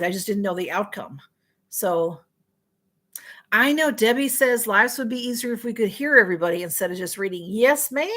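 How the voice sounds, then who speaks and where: A woman's voice: medium pitch, fairly bright tone. A woman hosting a casual livestream, chatting to viewers and reading their comments, often apologizing for missing what they wrote. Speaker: livestream host.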